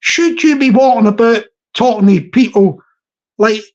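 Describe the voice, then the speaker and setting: A middle-aged Scottish man with an extremely high, slightly mellow voice chats loosely with his live-stream audience at normal speed. He rambles, digresses, and restarts sentences often, and the lo-fi audio sounds a little muffled and dull.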